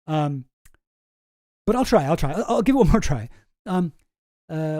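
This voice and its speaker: A streamer offers casual commentary with a warm, animated, mid-range voice, speaking a little slowly and pausing often in clean studio sound with no echo. He rambles, swears, frequently cuts himself off mid-sentence, and is sometimes sarcastic.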